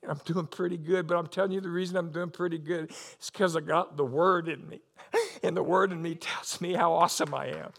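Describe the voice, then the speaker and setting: Man preaching, middle-aged, high voice, passionate and tearful, laughs between lines. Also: fairly even intonation, a little fast, gravelly, fairly bright tone. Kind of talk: sermon.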